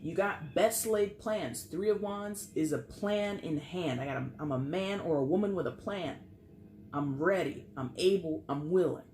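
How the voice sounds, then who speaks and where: A tarot reader talks through a spread in a loose, casual way, swearing and slipping into acted-out bits. The voice sits in a middle pitch. It is recorded in a roomy space with a faint hum of background noise. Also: moderate pace, a little mellow. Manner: chatty, profane, acts out quotes.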